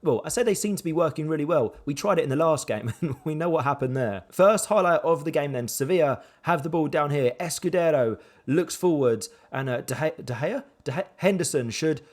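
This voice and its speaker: A young man commentating his own football management game with animated swings between excitement and dejection. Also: on the high side, brisk, few pauses. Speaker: gaming YouTuber.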